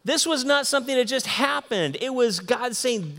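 A man preaching a sermon, reading scripture aloud and swinging between excited outbursts and soft, hushed asides. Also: very high voice, normal speed. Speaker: pastor. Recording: long hall reverb.

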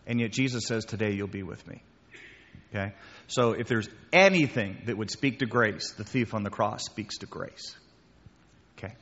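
Casual preacher in an echoey hall. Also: male voice, medium pitch, fairly bright tone. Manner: conversational, repeats key phrases, addresses listeners as guys. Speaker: pastor. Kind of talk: sermon with audience questions. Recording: muffled sound with long hall reverb.

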